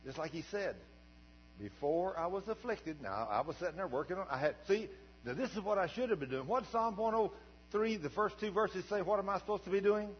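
An older man preaching as a pastor, telling a story in a folksy, animated way that swings from quiet asides to shouts. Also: sits high, fast talker. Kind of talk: sermon storytelling. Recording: dull recording with long hall reverb and mains hum.

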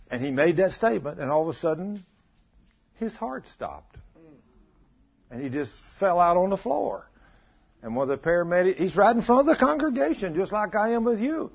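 A man's voice: high-pitched, animated, brisk, gravelly, husky. A man preaching a folksy, conversational sermon and acting out the voices he quotes. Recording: muffled lo-fi recording.

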